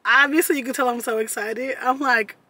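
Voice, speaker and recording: Bubbly high-voiced young woman vlogger. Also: fairly even intonation, a little fast, background noise. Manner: bubbly, chatty, talks to the camera. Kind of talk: casual vlog chat. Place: in a car, then a store.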